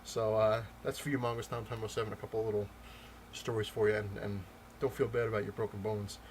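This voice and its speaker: A man vlogging about comics, telling a story in a loose, rambling way with many pauses and restarts. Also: on the low side, little pitch movement, a little hiss or hum. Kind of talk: casual storytelling rant.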